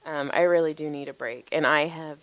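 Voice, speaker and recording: A woman, telling stories in a casual podcast chat, animated and laughing, often swearing and acting out what people said. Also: sits low, brisk, smooth, no room sound. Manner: animated, laughing, swearing freely, acts out quotes. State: tired. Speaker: podcast co-host, massage therapist.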